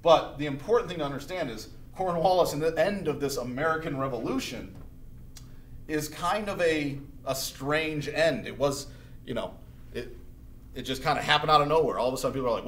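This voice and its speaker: A man teaching high school history in a casual, chatty lecture, acting out historical figures as he goes. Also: brisk, fairly bright tone. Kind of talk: recorded classroom lecture. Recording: echoey room recording.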